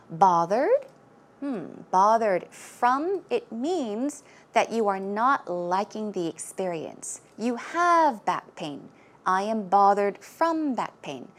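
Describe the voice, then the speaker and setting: A woman's voice: medium pitch, sing-song, slow pace. A woman teaching English vocabulary, patiently repeating words so learners can practise pronunciation. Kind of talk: explaining vocabulary in a lesson.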